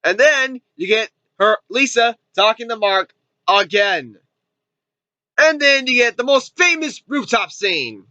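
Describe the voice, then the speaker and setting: Bright-voiced man rambling through a movie recap. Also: extremely high pitch, animated, measured pace, dry recording, muffled recording. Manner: rambling, heavy on fillers like "and everything". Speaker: movie reviewer.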